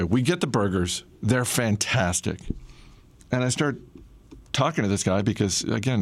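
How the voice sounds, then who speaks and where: A middle-aged man casually telling a personal story in a relaxed, conversational way, with frequent "uh" fillers. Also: fairly low pitch, vocal fry, husky, no room sound.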